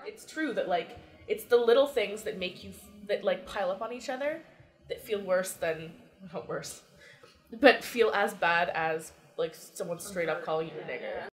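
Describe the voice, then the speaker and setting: A young woman student speaking candidly and reflectively in an interview, soft-spoken. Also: mid-range voice, normal speed, music in the background. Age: young adult. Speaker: student group member.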